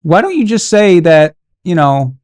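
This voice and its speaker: A man hosting a casual sports live stream, animated and exasperated as he chats with viewers. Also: high-pitched, measured pace, clear, resonant tone, no echo, studio quality.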